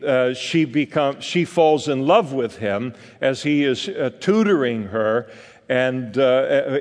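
An older man from California gives a sermon in a relaxed, folksy way. He wanders through his story and fills it with small pauses and asides. His voice sits at an ordinary pitch and carries a long reverb from the hall. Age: 60s. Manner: folksy, rambling storytelling with many fillers. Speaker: pastor.

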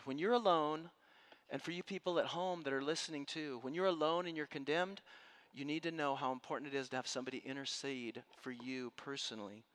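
A man preaching a sermon to a room and listeners at home, telling a story with passion and dropping from loud to hushed. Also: a little high. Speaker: pastor. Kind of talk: sermon to a live congregation. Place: room with an audience.

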